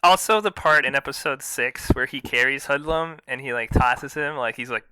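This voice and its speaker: A man talking casually on a podcast, often acting out characters' lines in animated bursts. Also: medium pitch, normal speed, hardly any pauses, clean tone, no echo. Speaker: podcast co-host.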